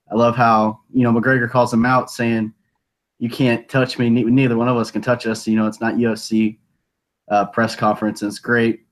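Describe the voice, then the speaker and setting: A man hosting a casual sports talk show from the US Midwest, rambling loosely with lots of fillers. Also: on the low side. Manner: laid-back, filler-heavy rambling. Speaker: host.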